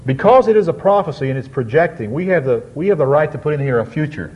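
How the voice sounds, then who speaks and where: A man preaching a sermon on a psalm, reading scripture slowly and drawing out key words with emphatic swings. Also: a little high, lively intonation. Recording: dull lo-fi sound.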